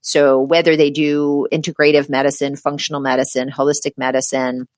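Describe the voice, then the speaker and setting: The woman's voice sits low and moves briskly, recorded dry with clean studio sound. A middle-aged healthcare provider guesting in a casual interview, she presses her advice with animated emphasis and acts out the patients she quotes.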